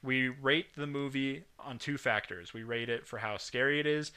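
Podcast host running a movie chat, very bright voice. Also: medium pitch, fairly even intonation, normal speed, smooth. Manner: informative, leads the discussion. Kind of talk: casual chat.

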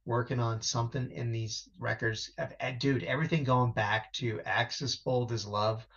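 A man co-hosting a music podcast in a casual chat, excitable, laughing often and swearing freely. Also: medium pitch, normal speed, dull audio. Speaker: podcast co-host.

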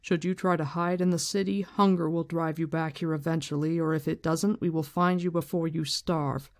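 A calm, commanding woman in charge, as a reader gives her lines from a fantasy novel, firm and unhurried. The voice sits at a middle pitch, and each line is measured. It is a plain reading without much put-on voice. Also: natural voice. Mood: stern. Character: stern powerful woman leader, calm, commanding.

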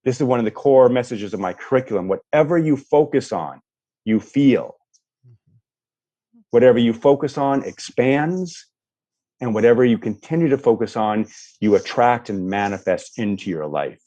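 Here a male life coach talks a little fast, his pitch sitting in the medium range. He walks a guest through a visualization and coaches them, animatedly voicing how people react.

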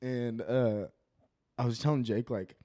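A young man trades banter on a casual podcast. He laughs often and wanders through fillers as he talks. His voice sits at an ordinary middle pitch. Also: unhurried, dark tone. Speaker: podcast co-host.

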